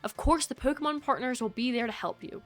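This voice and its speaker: A woman's voice: high voice, quick pace, soft background music, pitched above the performer's own voice, close to an everyday voice. A woman reading a formal school head's speech to students in a put-on British accent. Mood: solemn.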